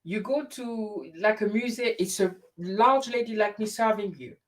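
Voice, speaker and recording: A woman hosting a casual conversation, telling stories in an animated way and often restarting her sentences. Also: mid-range voice, unhurried. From grew up in France. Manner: animated storyteller with frequent restarts. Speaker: host. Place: lives in the UK.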